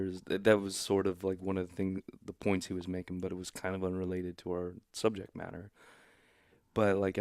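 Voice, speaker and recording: A laid-back young man with a low, gravelly voice rambles through a story on a podcast, full of "like" and "um". The sound is close and dry, with no room in it. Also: darkish tone, no room sound. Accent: St. Louis. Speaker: comedian guest. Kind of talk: casual podcast chat.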